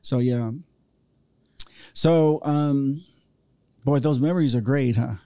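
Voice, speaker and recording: A man's voice: medium pitch, takes it slowly, dark tone, smooth, no room sound, studio quality. A man from Orange County, California, hosting a casual podcast chat and telling stories with acted-out voices. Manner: storytelling, acts out voices in anecdotes.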